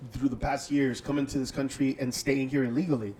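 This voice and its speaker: A man hosting a casual chat, telling stories in an animated, profane, joking way. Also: mid-range voice, fairly quick, slight background noise, poor audio.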